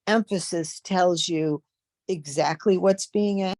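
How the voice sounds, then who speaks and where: A woman, a student in an online class, adding a measured explanation over a video call. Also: lowish voice, a little mellow, no room sound, studio quality, faint music behind.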